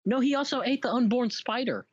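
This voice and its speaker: A man's voice: extremely high pitch, brisk, no echo. A man co-hosting a casual podcast chat, joking crudely and laughing often. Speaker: podcast co-host. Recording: dry, dull lo-fi sound.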